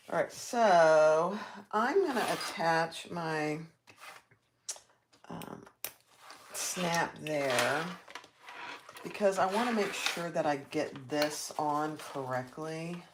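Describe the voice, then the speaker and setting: A woman's voice: deep voice, very slow, pauses often, background noise. A woman hosting a live sewing tutorial, chatting with viewers and reacting aloud as she works. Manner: chatty, reacts aloud while working, reads viewer comments. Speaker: sewing livestream host.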